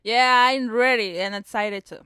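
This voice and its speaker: High-voiced woman, slow and soft, short answers, faint music behind. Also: clear, resonant tone, no echo, studio quality. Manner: brief, soft-spoken answers. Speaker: guest singer. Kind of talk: casual chat.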